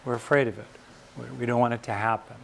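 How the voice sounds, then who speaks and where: An older American man with a gravelly, mid-range voice speaks in a reflective teaching talk. He pauses often, then lifts his voice to stress key ideas. A faint hiss sits under the recording. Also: medium pitch, steady tone. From California. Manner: thoughtful, pausing often, rising emphasis on key points.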